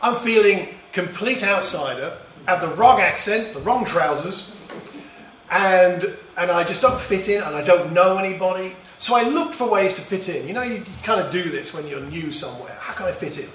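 His voice sits high and a bit bright, with lively intonation and a moderate pace, as this middle-aged Englishman muses through a boyhood story and restarts now and then. The distant mic picks up roomy echo and slight background noise.

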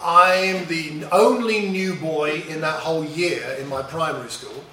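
Guy telling a story from his boyhood, slightly high voice, bit echoey and off-mic. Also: measured pace, pushed and bright, distant mic, slight background noise. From England. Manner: storytelling, musing, with small restarts. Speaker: speaker. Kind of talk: reflective personal talk. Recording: roomy echo, voice a bit off-mic.

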